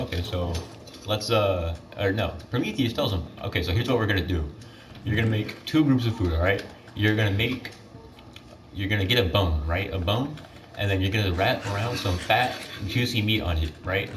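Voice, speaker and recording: This is casual gaming commentary from a teen boy who retells myths in a rambling way, full of filler words and self-corrections. His pitch is on the low side, and a distant microphone picks up clear, constant background noise.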